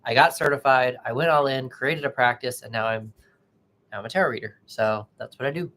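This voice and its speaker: A man hosting a tarot livestream, chatting casually and haltingly with viewers and greeting them by name. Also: mid-range voice, fairly bright tone.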